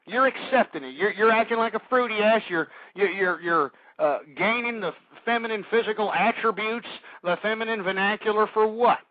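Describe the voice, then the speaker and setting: A man's voice: high-pitched, normal speed, no echo. A man hosting an internet radio talk show, ranting angrily in a preachy monologue and stumbling over repeated words. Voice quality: stammering, repeats words when worked up. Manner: angry, indignant, preachy. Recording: dull lo-fi internet radio audio.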